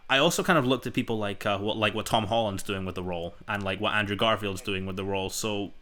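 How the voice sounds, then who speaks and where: A man's voice: fairly low pitch, fast talker, sharp tone. A young man hosting a casual chat, telling stories in a rambling, enthusiastic way full of fillers. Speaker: podcast host.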